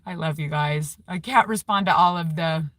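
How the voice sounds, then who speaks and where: A woman's voice: deep voice, normal speed, a bit bright, no room sound. A woman giving a rambling, emotional vlog update from a parked car, laughing often. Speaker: keto YouTuber.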